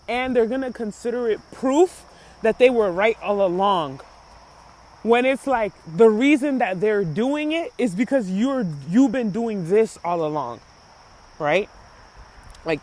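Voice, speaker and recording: A woman's voice: mid-range voice, a little mellow, a little hiss or hum. A woman hosting a casual commentary chat, rambling with many fillers and acting out quotes. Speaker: commentary host.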